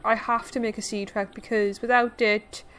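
A woman's voice: a little high, flat delivery, normal speed, a bit bright, a little hiss or hum. A young woman casually commenting on her own gameplay, easily frightened and poking fun at herself. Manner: jumpy, squealing when scared, self-mocking. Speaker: gaming streamer. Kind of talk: casual let's-play commentary.

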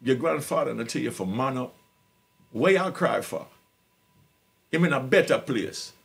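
A man's voice: mid-range voice, lively intonation, a little slow, creaky, a bit bright, slightly rough, heavily acted. A man putting on his stern older mother, blunt and scolding.

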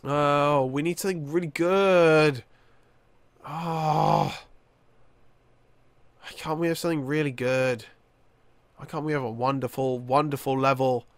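A young man giving rambling, tired let's-play commentary, with many fillers and sudden excited outbursts. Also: fairly high pitch, measured pace, long pauses, no echo. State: tired, yawning. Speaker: gaming YouTuber.

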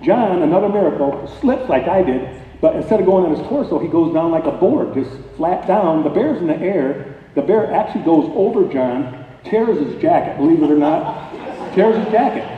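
A man giving a guest talk, telling a personal story to an audience at a chapel dinner in a folksy, animated way. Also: fairly high pitch, normal speed. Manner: folksy, animated storyteller, grows louder at tense moments. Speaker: guest speaker. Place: chapel hall at a dinner event. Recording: tinny, echoey hall, voice far from the mic.

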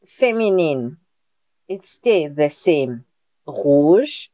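A woman's voice: mid-range voice, mellow, dry recording. A woman whose first language is French, teaching a live online beginner class in a patient, repetitive way and checking in with her students often. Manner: patient, repeats points and checks in with "Okay?". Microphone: video call.

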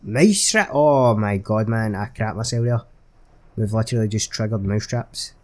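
Sweary gamer playing a horror game. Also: male voice, fairly low pitch, little pitch movement, normal speed, darkish tone. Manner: sweary, jokey, jumpy reactions. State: recovering from a chest infection. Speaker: gaming channel host. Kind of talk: let's play commentary.

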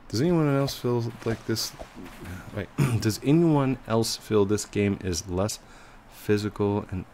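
A man in his thirties, a father, giving casual, chatty commentary over his gameplay. He laughs often and bursts into high, excited yells. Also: slight background noise. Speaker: gaming YouTuber.

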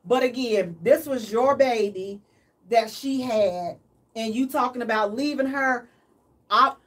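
A woman hosting a radio advice chat in an animated, emphatic, preachy way. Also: fairly high pitch, a little slow, recorded from a distance. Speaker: radio show host.

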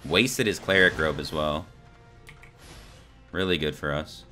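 A young man giving live, excitable gameplay commentary to his chat, swearing and laughing as he plays. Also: a bass voice, a little slow, faint music behind. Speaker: streamer.

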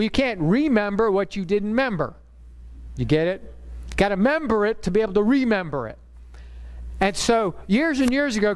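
A middle-aged man preaching a sermon as pastor, telling stories in an emphatic, conversational way. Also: high-pitched. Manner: animated storyteller, emphatic and conversational.

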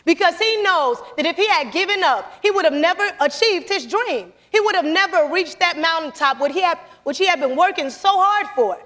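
A young woman giving an animated motivational speech in a church, calling out to the audience as she tells stories. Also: extremely high pitch, normal speed, hardly any pauses. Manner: animated, calls to the audience, storytelling. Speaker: motivational speaker. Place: church sanctuary. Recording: long church hall reverb.

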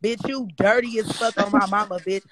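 A man's voice: high-pitched, steady tone, brisk. A young man roasting someone with profane taunts, hammering the same jab again and again. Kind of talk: profane trash talk roast. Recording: noisy casual recording.

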